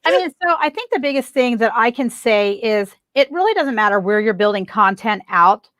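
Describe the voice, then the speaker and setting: A woman's voice: on the high side, expressive, normal speed, fairly bright tone, no room sound. A woman guest on a podcast, giving marketing advice in a casual, emphatic way and repeating her key points.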